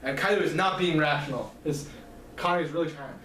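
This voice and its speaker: A man's voice: on the high side, a little fast, a bit bright. A man casually retelling the plot of his own novel, with lots of ums and restarts. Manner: loose, filler-heavy retelling with restarts. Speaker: author recapping his novel. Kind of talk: casual plot recap lecture. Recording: roomy, distant mic, faint noise.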